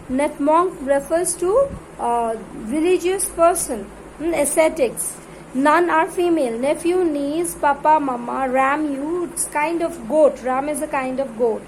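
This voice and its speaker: A woman teaching an English grammar lesson to a class. She reads word lists aloud in louder, drawn-out calls and spells words out letter by letter. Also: high voice, reverberant. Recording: noisy room recording.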